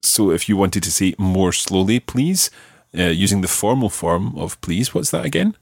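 A man's voice: low-pitched, animated, moderate pace, vocal fry, darkish tone, husky, no echo, studio quality. A man teaching a language lesson on a podcast, patiently prompting his learner with questions.

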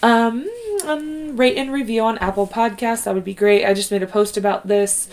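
A woman's voice: mid-range voice, steady tone, a little fast, a little mellow. Rambling woman podcast co-host. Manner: rambling, many fillers and restarts. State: pregnant. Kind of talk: casual chat.

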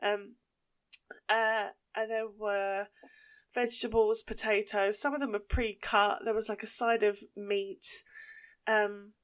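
A woman with an Essex accent, hosting a podcast and telling a story in an animated, casual way, swearing freely. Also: mid-range voice, takes it slowly, smooth. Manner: animated, swears and laughs while telling stories. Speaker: podcast host.

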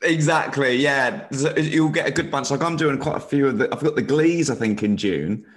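A man's voice: mid-range voice, normal speed. A man, a comedian, telling jokey stories in casual podcast chat.

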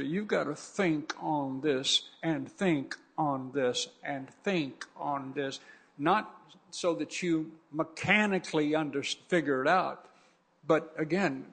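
A man's voice: fairly high pitch, slow, breathy edge. A man who is a pastor, preaching a fervent sermon that repeats itself and often restarts.

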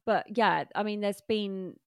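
Casting: chatty woman hosting a podcast, mid-pitched, close dry sound. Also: a little slow, dry recording. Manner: chatty, laughs often, many fillers. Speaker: podcast host. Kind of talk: casual chat.

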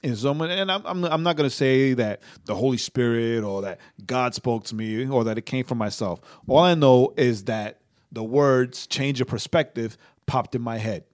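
A young co-host of a casual faith podcast rambles along, stammering into restarts and ending his sentences with "right?". He speaks at a normal speed with a medium-pitched voice.

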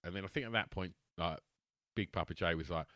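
Man, sweary storyteller, low pitch, bright tense voice. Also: brisk, dry recording, clean studio sound. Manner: sweary, animated anecdote teller who acts out quotes. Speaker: guest telling a story. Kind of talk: casual chat, storytelling.

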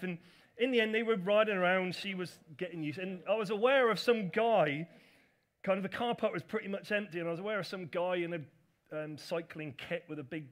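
A man's voice: sits high, fairly quick, a bit bright. A middle-aged man, a pastor, telling a personal story in a chatty, self-deprecating sermon with asides to his congregation.

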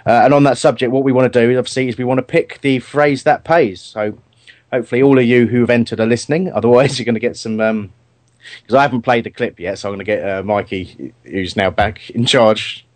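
A man hosts a casual radio show in a dry, close studio sound. He rambles and restarts as he chats his way through a football match, his voice sitting at an ordinary middle pitch. The tone stays easygoing and talkative. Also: fairly even intonation, a little fast, no room sound. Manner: rambling, chatty, lots of fillers and restarts.

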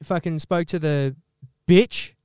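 High-voiced ranting Australian man. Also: takes it slowly, clean tone, no room sound, clean studio sound. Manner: animated, swearing heavily. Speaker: podcast host. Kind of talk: profane comedic rant.

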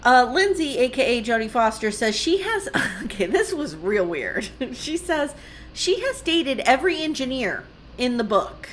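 A woman's voice: high-pitched, big pitch swings, unhurried, a little hiss or hum. A woman co-hosting a podcast, recapping a reality show in casual chat, blunt and swearing, laughing often. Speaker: podcast co-host.

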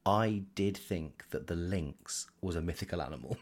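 A man's voice: sits low, moderate pace, heavy background noise. A man co-hosting a casual chat, playful and jokey as he shares his thoughts.

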